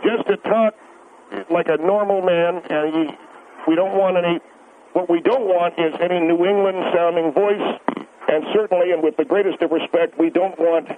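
A man's voice: sits high, fairly even intonation, normal speed, slight background noise. A man calling in to a radio show, talking in a rambling, repetitive, insistent way over a phone line. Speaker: caller. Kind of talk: call-in radio conversation.

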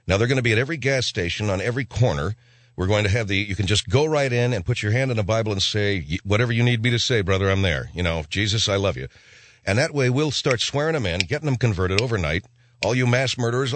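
A man's voice: fairly low pitch, no echo. A man hosting a radio talk show, delivering a rambling comic monologue. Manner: rambling, animated, slips into mock voices.

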